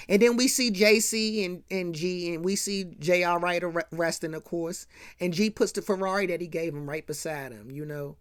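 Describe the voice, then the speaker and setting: A woman's voice: on the low side, moderate pace, a bit bright. A woman hosting a casual recap of a TV episode. She talks chattily, repeats herself and often asks "right?" and "you know". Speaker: show host.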